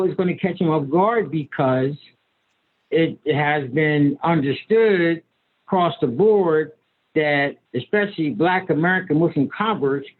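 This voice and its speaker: Man in his sixties, imam, high voice, emphatic and folksy, repeats himself, tinny phone-like call audio. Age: 60s. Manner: emphatic, folksy and repetitive, with stammered restarts. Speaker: imam and author, guest. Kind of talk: conversational lecture on a video call.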